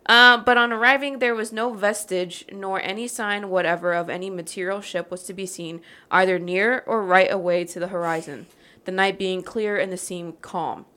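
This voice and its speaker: A podcast host with a mid-range, fairly even voice reads a legend aloud at normal speed, her tone sharp. She treats it as a casual storytelling chat, joking, swearing and laughing throughout.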